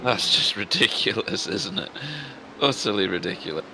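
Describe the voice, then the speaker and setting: A man doing chatty live commentary on a sim race, quick to exclaim at the action. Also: on the low side, animated, creaky, background noise.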